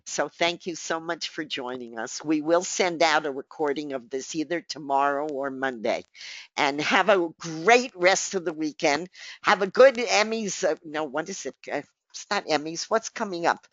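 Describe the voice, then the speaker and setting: A woman's voice: on the low side, a bit bright, dry recording. Woman, webinar presenter, emphatic, repeats herself, losing her voice, dull dry lo-fi sound. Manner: emphatic, repeats key points, addresses listeners directly. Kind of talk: live online marketing webinar.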